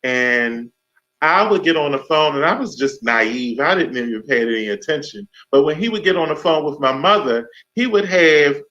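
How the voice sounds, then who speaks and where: A man's voice: on the high side, normal speed. A man hosting a radio talk show, telling a story casually and acting out the voices of the people in it. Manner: animated storyteller who acts out voices. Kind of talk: casual chat. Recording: dull lo-fi sound.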